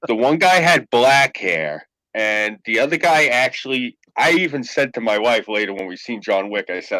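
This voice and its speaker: A man's voice: medium pitch, moderate pace, hardly any pauses, dry recording, low-quality recording. A man hosting a podcast, telling a story in a casual, profane way. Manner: profane, animated anecdote-telling. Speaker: podcast host.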